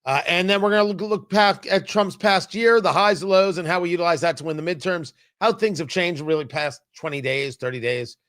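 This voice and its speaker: A man hosting a talk radio show, giving emphatic, animated commentary. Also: sits high, a little fast, hardly any pauses. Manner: animated, emphatic, mocking impressions. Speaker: radio host.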